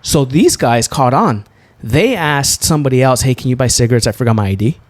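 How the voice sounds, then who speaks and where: A young man co-hosting a podcast, telling a story in a loose, profane way and jumping up high when he gets excited. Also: a little fast, dry recording. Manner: animated, profane, swings to high laughing exclaims. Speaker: podcast co-host. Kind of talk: storytelling in casual chat.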